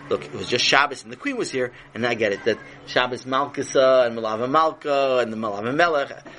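A man voicing an eager young boy who insists and repeats himself in excitement. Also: medium pitch, a little fast, a little hiss or hum, close to an everyday voice. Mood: insistent.

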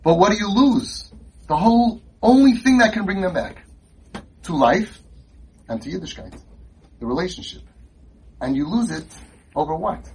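Man, impassioned conference speech, husky voice, high and very animated pitch, repeats lines for emphasis. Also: normal speed, long pauses, low-quality recording. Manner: fiery, rhetorical, repeats his lines for emphasis. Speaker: conference speaker. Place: conference hall.

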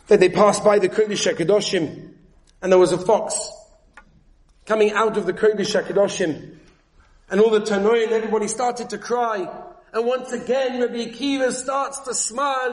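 A high-voiced man with a darkish tone delivers an emphatic sermon in a reverberant space. He's a rabbi giving a Torah lecture with Yiddish-inflected Hebrew terms, and his pitch climbs high whenever he voices quoted figures.

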